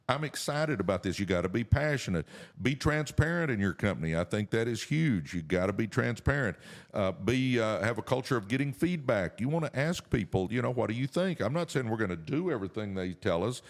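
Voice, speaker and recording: Deep-voiced folksy man hosting a podcast. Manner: folksy, earnest, pep-talk delivery. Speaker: podcast co-host. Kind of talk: casual business podcast chat.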